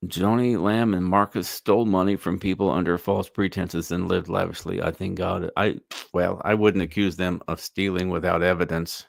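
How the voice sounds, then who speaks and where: A man's voice: deep voice, flat delivery, normal speed, vocal fry, no room sound, studio quality. A man hosting a livestream, giving opinionated commentary in a loose, musing way. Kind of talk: casual commentary.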